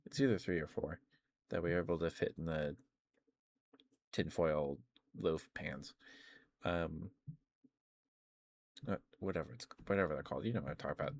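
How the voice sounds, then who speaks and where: A hoarse young man chatting casually on a stream, rambling with lots of fillers. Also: deep voice, normal speed, pauses often, darkish tone, dry recording. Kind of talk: casual chat.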